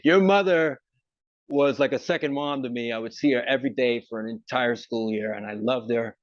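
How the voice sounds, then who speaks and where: A man hosting a casual interview, telling a story with excitement and laughter. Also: mid-range voice, normal speed, dry recording, dull audio. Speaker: podcast host.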